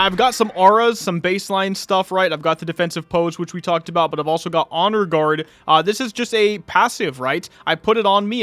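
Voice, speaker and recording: A man giving casual, chatty commentary while he plays a game, thinking aloud and getting excited in big fights. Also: sits high. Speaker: gaming youtuber.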